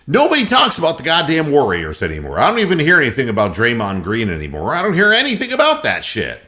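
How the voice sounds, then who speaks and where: A man's voice: a little high, sharp tone. A man hosting a sports radio show, giving a profane, sarcastic rant about biased officiating. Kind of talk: ranting sports commentary.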